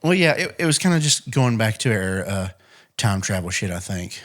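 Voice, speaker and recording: A young man co-hosting a casual podcast chat, telling stories animatedly and acting out quotes in a raised voice. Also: normal speed. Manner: animated storyteller, acts out quotes in high voices. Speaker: podcast co-host.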